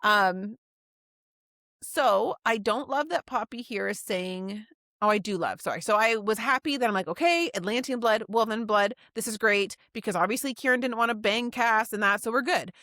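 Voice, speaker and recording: A woman's voice: a little high, moderate pace, a bit bright, dry recording, studio quality. A woman co-hosting a book podcast, reading out her notes and acting out the characters' lines in a casual chat. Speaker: podcast co-host.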